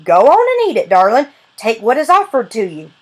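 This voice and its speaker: A woman's voice: high-pitched, very animated, moderate pace, voice pushed up. A woman reading aloud voices a teasing old Southern grandfather with a drawling, country way of talking. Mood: gentle.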